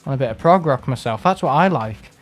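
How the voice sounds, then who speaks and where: A man's voice: medium pitch, animated, quick pace, soft background music. A man chatting casually on a live game stream, rambling and sarcastic and mimicking other people in put-on voices. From England. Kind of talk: casual live-stream chat while playing.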